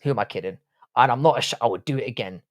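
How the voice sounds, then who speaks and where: A man's voice: mid-range voice, very fast. A man with a British accent, a streamer and university professor, answering his live chat in a crude, blunt, joking way. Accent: British English. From Ireland, raised in England.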